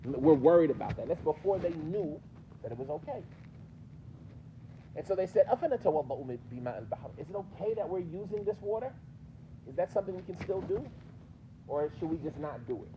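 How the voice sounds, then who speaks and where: A man's voice: a little high, animated, rapid-fire, pauses often, muffled recording, noisy background. A man with a New York accent teaching a mosque class, questioning his students in a conversational way. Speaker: teacher explaining hadith.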